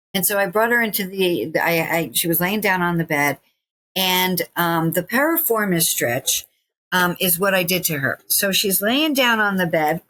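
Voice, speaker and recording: A woman in her sixties, a guest on an interview podcast, who tells stories in an animated way, laughing often and acting out what people said. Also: medium pitch. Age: 60s. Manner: animated, acts out quoted voices, laughs often. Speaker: guest, stretching teacher. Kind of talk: casual interview storytelling.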